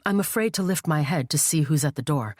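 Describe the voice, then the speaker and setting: A woman reading a first-person thriller audiobook in a measured, tense storytelling voice. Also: deep voice, lively intonation, darkish tone, no echo. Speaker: audiobook narrator. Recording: dry studio voice-over.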